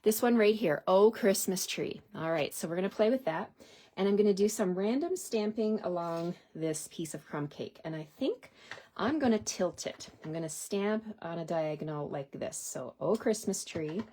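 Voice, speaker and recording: A woman's voice: fairly low pitch, lively intonation, moderate pace, dark tone. A woman giving a casual, chatty craft tutorial, laughing often and reading out viewer comments. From Canada. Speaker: card-making demonstrator.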